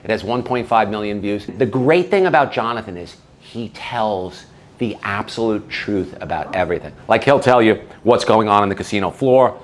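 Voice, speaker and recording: A man's voice: on the low side, normal speed. An older man hosting, chatting at a party in a brash, rambling, self-mocking way. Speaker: host and entertainer. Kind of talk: casual chat at a party.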